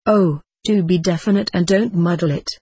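A reader voicing the quoted words of a tired woman in a trance, in an even, measured audiobook reading. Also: medium pitch, breathy edge, dry recording, clean studio sound, close to an everyday voice. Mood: weary.

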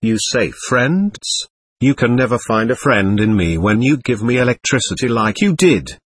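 A man's voice: mid-range voice, animated, moderate pace, slightly rough, no room sound, studio quality. A man reading aloud the lines of a stubborn, hostile male spirit from a séance record, defiant and threatening.

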